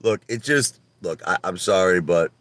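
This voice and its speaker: A man with a Brooklyn New York accent, talking in a casual livestream rant from his car, animated and profane, swinging from loud outbursts to low muttering. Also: moderate pace, no room sound. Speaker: livestream host.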